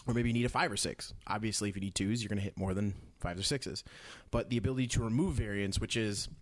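In a tabletop games chat with a co-host, a man with a lowish voice explains game design quickly, talking it through with lots of restarts. The audio has no echo.

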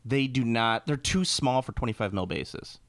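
A man talks in a loose, rambling way, cursing freely and restarting his sentences as he goes. His voice sits at an ordinary middle pitch. The sound is dry and close, with no room around it. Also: moderate pace, fairly bright tone, no echo. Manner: rambling, profane, frequent restarts. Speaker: podcast co-host. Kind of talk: casual hobby chat.

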